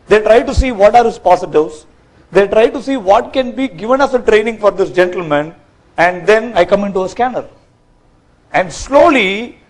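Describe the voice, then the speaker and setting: A man gives a corporate training talk from a workshop stage, lively and quizzing his audience. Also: high-pitched, low-quality recording. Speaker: workshop speaker.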